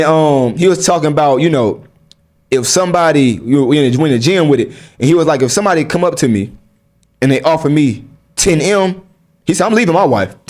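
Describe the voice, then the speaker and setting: Mężczyzna o dość wysokim głosie, bezpośredni i slangowy. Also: male voice, fairly high pitch. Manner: blunt, street slang, rhetorical questions to listeners. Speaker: vlogger. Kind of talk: casual advice monologue to camera.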